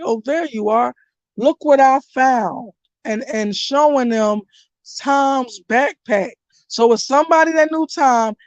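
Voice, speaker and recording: A young woman talks through a soap opera plot in loose, blunt chat, throwing in slang and curses. Her voice sits a little high, and she trails off and restarts when a name escapes her. The sound is dry, with no room around it. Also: dry recording. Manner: rambling, blunt, casual slang with swearing; loses track of names, restarts. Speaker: channel host recapping a soap opera. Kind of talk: casual chat.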